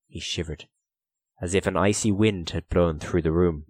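A man narrating an audiobook in a measured, expressive reading on a close mic. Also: low voice, breathy edge, no room sound. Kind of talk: storybook narration.

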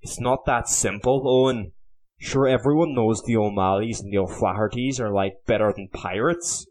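Calm young irish hostage, man doing it, grim and reasoning, story reading. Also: fairly low pitch, moderate pace, lightly acted, low-quality recording.

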